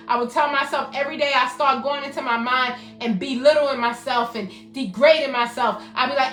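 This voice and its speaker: A woman's voice: high voice, normal speed, a bit bright. A woman hosting a motivational self-help talk, emphatic and repetitive, speaking directly to her viewers by name. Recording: roomy echo, faint music behind.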